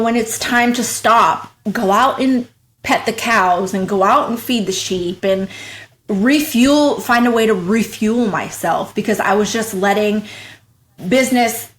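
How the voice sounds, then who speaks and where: A woman talking as a guest in a casual interview, frank and talkative, who acts out her own past thoughts in quoted voices and speaks in quick bursts. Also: a little high. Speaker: podcast guest, small business owner.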